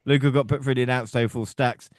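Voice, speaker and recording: A man co-hosting a casual podcast, talking at an ordinary middle pitch. He rambles from point to point, laughs often and keeps asking if you know what he means. The sound is dry and close, with no room echo. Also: fairly even intonation, fast talker. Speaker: podcast co-host. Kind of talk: casual chat.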